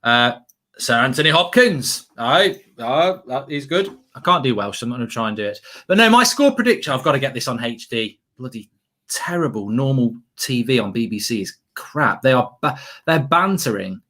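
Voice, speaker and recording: Animated chatty man hosting a watchalong. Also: mid-range voice, fairly quick. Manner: chatty, rambling, jokey, reads out live chat. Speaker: host. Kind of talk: casual football watchalong chat.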